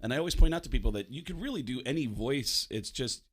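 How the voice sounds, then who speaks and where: A man who does voice work, chatting on a radio show and telling stories with lively energy. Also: mid-range voice, quick pace, husky. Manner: animated storyteller who acts out voices in quotes. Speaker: guest voice actor. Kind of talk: casual radio talk, storytelling.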